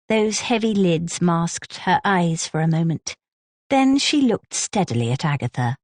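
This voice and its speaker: A woman narrating an audiobook in a measured, descriptive manner on a close studio mic. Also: lowish voice, animated, no echo. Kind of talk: scripted narration.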